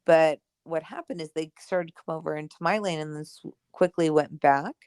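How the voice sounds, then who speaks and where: A young adult woman co-hosting a podcast, telling a personal story in casual chat, animated and full of "like" and "right?", acting out the dialogue she quotes. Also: low voice, normal speed, clear, resonant tone, no room sound, clean studio sound. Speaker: podcast co-host.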